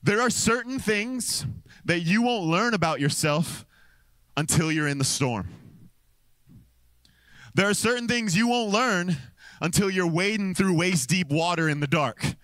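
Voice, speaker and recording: A man preaching a sermon into a microphone, telling a story with lively swings between low, deadpan lines and excited high exclamations. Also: measured pace, long pauses, dry recording. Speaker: pastor. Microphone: handheld or stand microphone.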